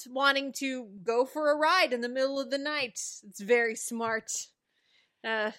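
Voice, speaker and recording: A woman co-hosting a casual chat, recapping a story in an animated way with swearing and playful voices for quotes. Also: high-pitched, a little slow. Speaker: podcast co-host.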